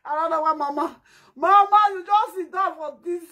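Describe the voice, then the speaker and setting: A woman's voice: extremely high pitch, moderate pace, lo-fi sound. A woman with a Nigerian accent doing a comic skit, fake-crying, wailing and laughing in Pidgin English. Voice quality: loud wailing and laughing, sing-song fake sobbing.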